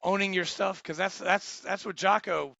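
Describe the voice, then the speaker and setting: Gravelly, joking man with a bright voice. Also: high voice, steady tone, moderate pace, dry recording, highs cut off. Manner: loose, profane, joking. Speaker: podcast co-host. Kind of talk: casual podcast banter.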